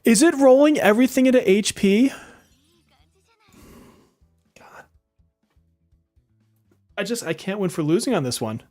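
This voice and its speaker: Lively, exasperated male game streamer. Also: sits high, measured pace, pauses often, dry recording, clean studio sound, soft background music. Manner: exasperated, joking, swears and laughs often; talks to chat viewers directly. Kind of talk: live-stream gaming commentary.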